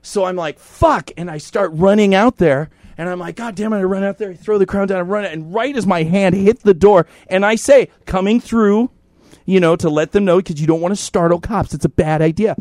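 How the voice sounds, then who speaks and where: A man co-hosting a podcast, telling a story in casual chat, animated and profane, in a podcast studio. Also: high voice, a little fast, no echo. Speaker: podcast co-host. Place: podcast studio in North Hollywood.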